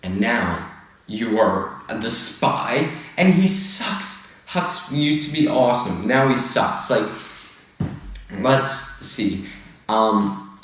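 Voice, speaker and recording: A man's voice: mid-range voice, expressive, very slow, fairly bright tone. A man hosting a casual opinion rant, rambling and exasperated, with lots of filler words. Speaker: video host. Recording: echoey room, far from the mic.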